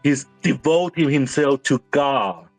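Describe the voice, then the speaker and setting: A man in his fifties whose first language is Mandarin, a series director telling personal stories in halting English with many restarts. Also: medium pitch, expressive, dry recording, soft background music. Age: 50s. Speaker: series director, interview guest. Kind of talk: candid interview storytelling.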